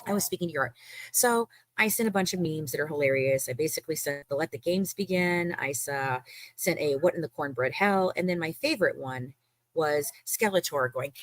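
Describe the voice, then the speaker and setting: A woman's voice: deep voice, brisk, no room sound. A woman from the United States co-hosting a live stream, retelling a heated online feud with profanity and sarcasm. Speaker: livestream co-host. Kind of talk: casual storytelling on a live stream.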